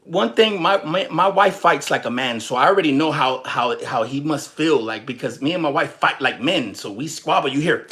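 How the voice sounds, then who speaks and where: A young man from Texas ranting casually and profanely on his livestream, rambling and joking with viewers. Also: a little high. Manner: rambling, profane, animated, jokes and chats with viewers. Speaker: livestream host.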